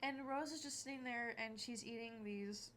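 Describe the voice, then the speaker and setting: A woman's voice: a little high, normal speed, fairly bright tone. A woman co-hosting a podcast, retelling scenes at length in casual chat with frequent restarts. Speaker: podcast co-host.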